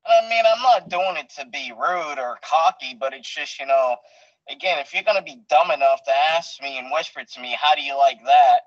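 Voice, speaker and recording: A man's voice: on the high side, animated, normal speed, no room sound, muffled recording. A man who wrestles professionally tells stories in a casual interview, bluntly, with lots of fillers and restarts.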